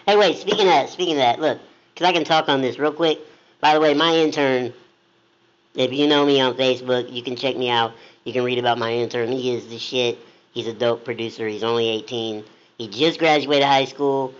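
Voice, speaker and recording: A man co-hosting a casual chat, telling a story in an animated way and acting out quoted voices. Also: medium pitch, brisk. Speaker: blog co-host. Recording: dull lo-fi sound.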